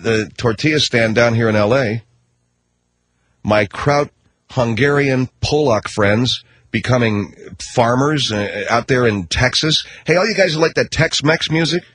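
A man's voice: medium pitch, a bit bright, husky, no echo. A man hosting a talk show, delivering a combative, sarcastic rant. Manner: combative, sarcastic, rapid ranting. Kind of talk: ranting talk-radio commentary.

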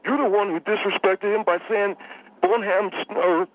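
A man's voice: sits high, steady tone, no room sound, phone-quality sound, voice pushed up. A man playing a polite, stubborn caller. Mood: flustered. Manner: deferential yet stubborn, halting with fillers. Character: earnest polite male caller, adult, indignant music fan.

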